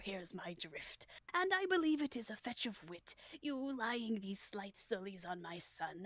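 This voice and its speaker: A woman playing a fussy, long-winded old courtier, high voice that swoops about, rambling and tripping over the words, dry close sound. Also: dry recording. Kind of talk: unrehearsed comic play reading.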